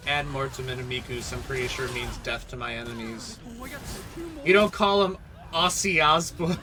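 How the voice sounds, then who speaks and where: A man's voice: medium pitch, moderate pace, background noise. A young American man chatting casually on a live stream while gaming, laughing often and answering chat. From United States.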